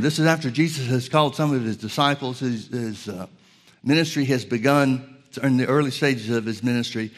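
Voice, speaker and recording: A male preacher teaching from scripture, reading verses slowly with stress on key words and calling his listeners folks. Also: mid-range voice. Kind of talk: Bible teaching sermon.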